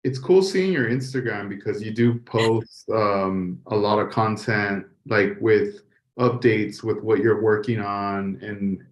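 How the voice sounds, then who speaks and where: A man hosting a casual podcast, relaxed and encouraging, talking with loose fillers like "you know". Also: lowish voice, slow pace. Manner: laid-back and encouraging, many fillers. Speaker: podcast host.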